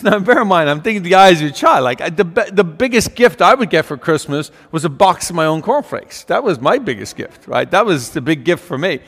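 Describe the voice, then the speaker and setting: An older man telling a folksy story as part of a homily. His voice sits fairly high, and he talks with asides and fillers. A long reverb rings through the large space. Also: big pitch swings, a little fast, hardly any pauses, fairly bright tone, husky. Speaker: preacher.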